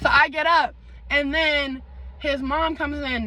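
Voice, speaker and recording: A young woman vlogger telling a storytime in a dramatic, animated way, full of slang and asides to her viewers. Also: high-pitched, slow pace, slight background noise, low-quality recording. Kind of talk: storytime vlog.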